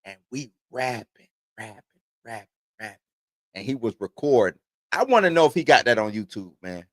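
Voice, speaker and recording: A man's voice: medium pitch, sing-song, moderate pace, no room sound. A man in his forties hosting a casual livestream, reading entertainment news aloud and then rambling off into his own stories. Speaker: host.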